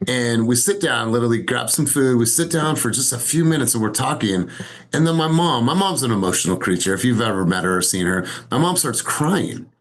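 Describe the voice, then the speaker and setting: A man's voice: medium pitch, lively intonation, fairly quick. Fervent man leading a coaching call. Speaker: director of sales and coaching. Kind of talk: motivational coaching talk on a group call.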